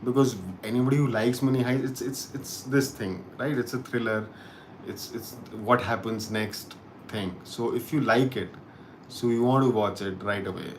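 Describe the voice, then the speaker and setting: A man's voice: mid-range voice, steady tone, slight background noise. A man hosting a casual live-stream chat, musing aloud and often restarting his sentences. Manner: halting and musing, with frequent restarts. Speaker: host of a live chat show.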